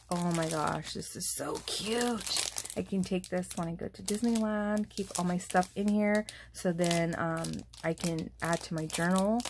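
A young woman vlogging as she opens craft gifts, gushing and full of fillers, moved to happy tears. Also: lowish voice. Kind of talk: casual unboxing chat. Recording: steady background noise.

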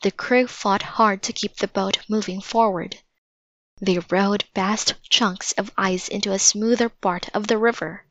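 A woman reading a children's chapter book aloud in a slow, steady manner. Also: mid-range voice, no echo, lo-fi sound. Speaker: storybook reader.

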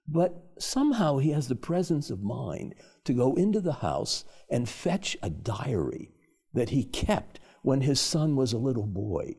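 Male panelist, reflective storyteller, lively swooping pitch, raspy edge. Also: measured pace. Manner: thoughtful, builds to emotional emphasis.

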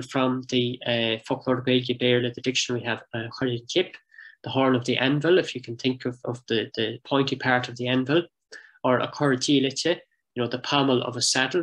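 A man giving an explanatory heritage talk over slides and maps, in a thoughtful, measured way with frequent hesitations. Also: medium pitch, fairly bright tone, low-quality recording.

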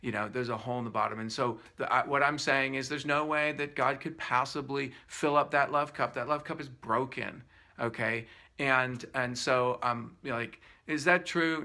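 Earnest man teaching with a bright voice. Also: mid-range voice. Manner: earnest and emphatic; faith-filled, explanatory. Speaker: wellness teacher. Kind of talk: guided breathing instruction.

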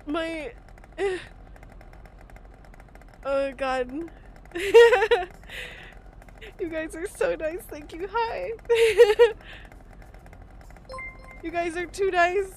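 A woman's voice: extremely high pitch, expressive, drawn-out words, pauses often, a little mellow, faint music behind. A woman game streamer on a live stream, giggly and overwhelmed as she thanks her viewers, swearing casually.

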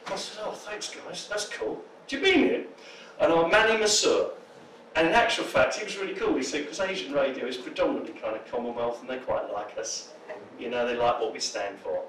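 A man's voice: mid-range voice, fairly quick, a bit bright, slight background noise. A man gives a jokey public talk to an audience in a pub function room, telling anecdotes and acting out the voices of the people in them. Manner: jokey storyteller, acts out quoted voices. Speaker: political speaker. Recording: roomy, distant mic, faint ambience.

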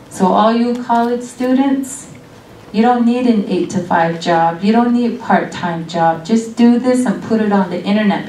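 A woman's voice: mid-range voice, a little mellow. A middle-aged woman delivers a guest lecture at a college, earnest and reflective, taking her time between thoughts. Her voice is picked up from a distance, with the room's echo around it and a faint hiss underneath. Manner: earnest, reflective, speaks slowly with pauses. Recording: echoey room, distant mic, faint noise.

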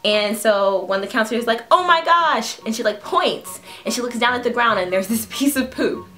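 A woman in her twenties, a food vlogger, telling a funny story in a casual, animated way, often breaking into laughs. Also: a little high, brisk, faint music behind. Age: 20s.

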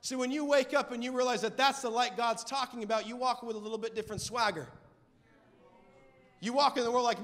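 A young man preaching a sermon with fervent, emphatic delivery and shouted peaks. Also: very high voice, fairly even intonation, a little fast. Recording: long hall reverb.

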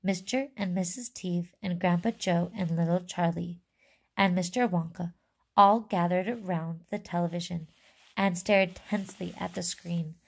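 A woman teacher reading a chapter book aloud to her fourth-grade class, expressive and asking them questions. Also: lowish voice, unhurried, vocal fry.

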